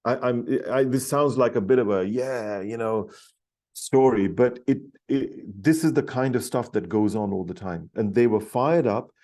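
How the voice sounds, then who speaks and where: A middle-aged man telling a story as a podcast guest, animated and enthusiastic, often restarting his sentences. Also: medium pitch, normal speed. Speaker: podcast guest, leadership author. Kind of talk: storytelling in an interview.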